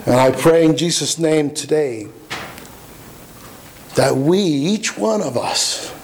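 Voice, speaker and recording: A man's voice: on the high side, lively intonation, slow pace, a little mellow, a little hiss or hum, poor audio. A man preaching a sermon, earnest and emphatic, often restarting his words. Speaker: pastor.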